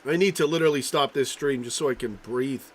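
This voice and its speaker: On a relaxed football live stream, a male host rambles, swears, and reads viewers' comments aloud, coughing and clearing his throat throughout. His voice is medium-pitched and he talks quickly.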